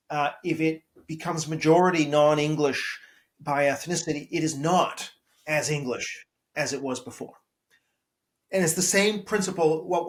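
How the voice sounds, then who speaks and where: Male professor guest with a slightly high voice; steady, reasoned explanation with frequent restarts. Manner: measured, analytical, repeats words while building an argument. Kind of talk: podcast interview.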